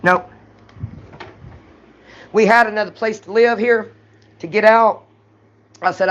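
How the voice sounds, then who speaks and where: This middle-aged Mississippi vlogger takes it slowly, pausing often, her mid-range voice steady as she rambles bluntly and profanely in a Southern accent during a raw confession to camera. Her voice rises at times, and the recording is dull and lo-fi.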